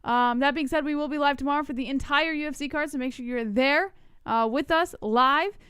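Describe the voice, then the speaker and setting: A woman's voice: high voice, fairly quick, a bit bright, dry recording, clean studio sound. A woman co-hosting a podcast, signing off with upbeat thanks to viewers. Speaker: podcast co-host. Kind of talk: show sign-off.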